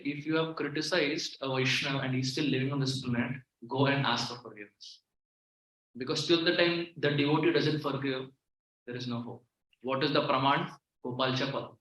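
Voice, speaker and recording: A man giving a devotional sermon in a temple hall, earnest and repeating key phrases, moving from hushed to emphatic. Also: a little high. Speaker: visiting devotional speaker.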